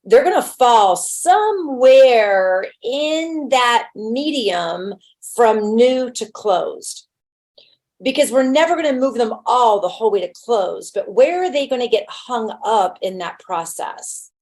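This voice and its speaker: A woman's voice: a little high, lively intonation, takes it slowly, darkish tone. A woman who works as a real estate agent, giving a casual webinar talk in a blunt, conversational way and using homely everyday examples.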